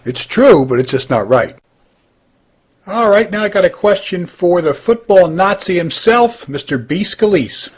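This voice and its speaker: A man's voice: high-pitched, expressive, a little slow, husky. A man hosting a comedy roast, interviewing classmates with lots of hesitant fillers.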